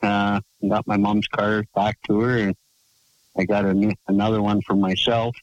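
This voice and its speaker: A man calling into a late-night radio show, answering hesitantly with lots of fillers and short deadpan replies. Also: on the low side, normal speed, dull audio. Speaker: regular caller. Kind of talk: casual call-in chat.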